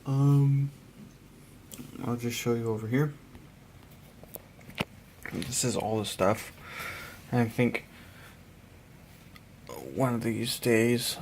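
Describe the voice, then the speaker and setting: A tired man narrating a casual hobby painting vlog, halting and rambling as he trails off mid-thought. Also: mid-range voice, a little mellow, a little hiss or hum. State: tired, yawning.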